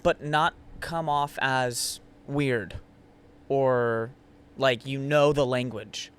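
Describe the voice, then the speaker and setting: A man's voice: mid-range voice, fairly even intonation, very slow, a bit bright, clear, resonant tone. A man co-hosting a podcast, blunt and opinionated in casual chat, laughing often. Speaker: podcast co-host.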